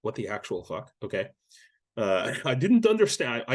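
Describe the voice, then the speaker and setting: A man's voice: mid-range voice, sing-song, fairly quick, slightly rough. A man giving casual news commentary, blunt and sarcastic, with lots of swearing and frequent restarts. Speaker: YouTube war-news commentator.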